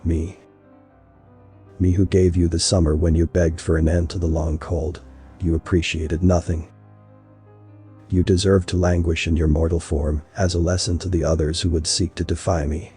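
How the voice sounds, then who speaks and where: A man's voice: level tone, moderate pace, warm tone, soft background music. A man voicing a proud, wrathful male creator god who speaks in a grandiose, archaic way, in a story reading. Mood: indignant. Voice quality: deep husky voice.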